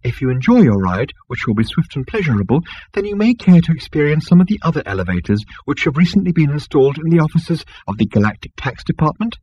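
A man's voice: fairly high pitch, sing-song, fast, few pauses, mellow, breathy edge, no echo, dull audio, voice pushed up. A man voicing a fawning, anxious talking elevator in a sweetly persuasive, syrupy manner. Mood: salesy.

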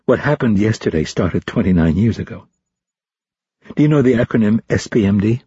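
A man voicing a blunt, composed woman doctor who speaks calmly and matter-of-factly. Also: on the low side, fairly quick, slightly rough, dry recording, dull audio.

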